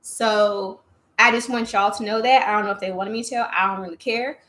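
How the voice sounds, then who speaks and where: A woman co-hosting a casual beer tasting chat, blunt, swearing freely and animated. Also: medium pitch, brisk. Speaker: co-host of a beer tasting stream.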